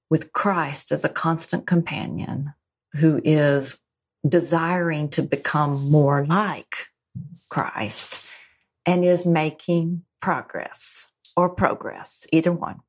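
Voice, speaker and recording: A woman with a low voice who speaks slowly and tenderly. She lingers on key phrases as she reassures a listener in a reflective spiritual chat.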